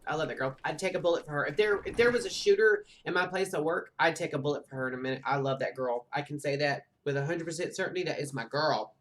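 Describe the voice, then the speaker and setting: Woman, low voice, game streamer, casual rambling chat, lots of fillers. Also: fairly bright tone, slight background noise. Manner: chatty, rambling, full of "like" fillers. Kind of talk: casual chat while gaming. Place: home.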